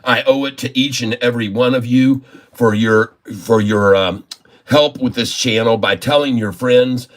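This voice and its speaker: A man's voice: medium pitch, steady tone, unhurried. Effusive, folksy male trading streamer. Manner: laughs often while talking. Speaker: stock trading live-streamer. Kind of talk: live-stream trading commentary.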